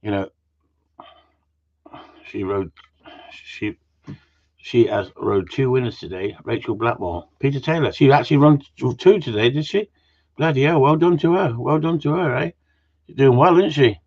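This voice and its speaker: Pausing often at a moderate pace, a man with a somewhat mellow mid-range voice hosts a laid-back live Q and A. He's rambling and jokey, swears freely, and tags questions onto his comments, heard through muffled lo-fi audio.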